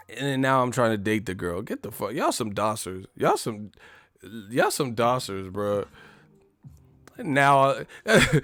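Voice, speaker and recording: A man's voice: medium pitch, fairly bright tone, no room sound. A man hosting a livestream, ranting comedically in a loose, profane way and laughing often. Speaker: livestream host.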